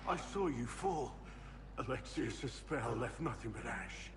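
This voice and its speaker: An actor playing a weary soldier in a video game, speaking in a shaken, disbelieving way. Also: male voice, medium pitch, expressive, slow pace, noisy background. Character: weary soldier in a grim future.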